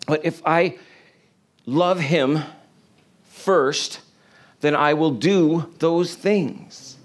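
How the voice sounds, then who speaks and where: A man's voice: fairly high pitch, very slow, long pauses. A man preaching an informal sermon to a congregation in a room, earnest and conversational, often restarting his phrases. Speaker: pastor.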